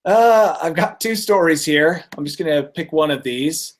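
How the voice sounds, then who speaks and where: Guy cracking jokes on a comedy podcast, kinda high voice, laughs a lot. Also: animated, moderate pace. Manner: joking, laughs at his own bits. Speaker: podcast co-host presenting stories. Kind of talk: casual comedic chat.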